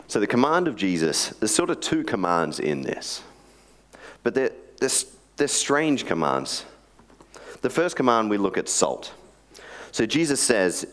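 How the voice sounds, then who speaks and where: Deep-voiced man preaching. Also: sing-song, a little slow, fairly bright tone. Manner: chatty storytelling with joking asides. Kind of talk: sermon.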